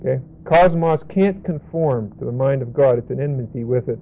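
A man's voice: mid-range voice, normal speed, creaky, muffled recording, slight background noise. Emphatic man preaching on Scripture. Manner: emphatic, direct, blunt warnings. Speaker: pastor. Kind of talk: Bible teaching sermon.

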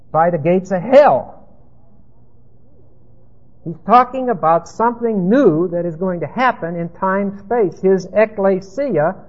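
A man's voice: high-pitched, a little mellow. A man preaching an expository sermon, emphatic and rambling as he teaches, on a tinny phone-like recording.

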